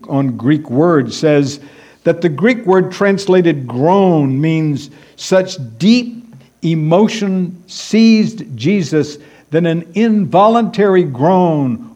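A man's voice: fairly high pitch, animated, slow pace, dark tone. A man preaching a sermon, emphatic and repeating key words for stress.

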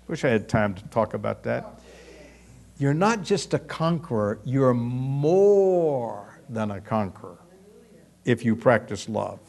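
A man preaching a sermon to a congregation, emphatic and building to loud peaks as he reads scripture and asks the audience questions. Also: medium pitch, lively intonation, takes it slowly, gravelly. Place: before a live congregation.

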